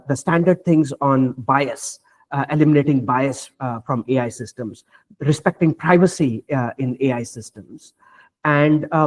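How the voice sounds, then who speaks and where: Measured, hesitant male AI researcher. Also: fairly high pitch. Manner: measured, many fillers and restarts. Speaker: panelist, AI researcher. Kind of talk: panel discussion remarks. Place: virtual roundtable, video call.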